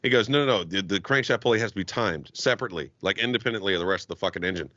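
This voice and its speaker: A man, an auto technician guest on a podcast, telling a story in casual chat with heavy swearing and animated ranting. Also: lowish voice, rapid-fire, dry recording. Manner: heavily profane, animated ranting. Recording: dull, dry lo-fi podcast audio.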